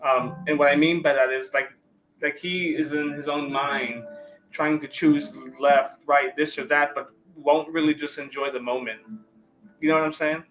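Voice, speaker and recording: A man's voice: a little high, sharp tone, poor audio. A man hosting a live-stream tarot reading, talking loosely with many fillers and restarts.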